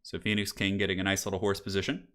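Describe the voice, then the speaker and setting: Low-voiced guy with a bright edge, chatty laid-back stream commentary, jokes and reads chat. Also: little pitch movement, fast talker, clear, resonant tone. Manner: loose fillers, swears casually. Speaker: stream host and chess commentator. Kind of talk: casual live-stream commentary.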